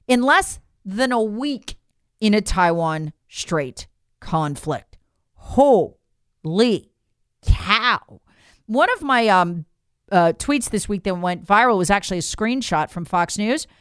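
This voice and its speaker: A woman's voice: fairly high pitch, fairly bright tone, clean tone, dry recording, clean studio sound. A woman delivering an opinionated political monologue to her audience, emphatic and incredulous, often addressing listeners as folks. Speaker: political commentator.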